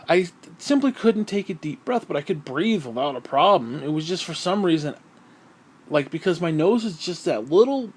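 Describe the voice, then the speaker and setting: A man's voice: a little high, lively intonation, normal speed, breathy edge. Profane, sighing male vlogger. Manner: profane, rambling, sighing often. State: short of breath. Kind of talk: casual rambling monologue.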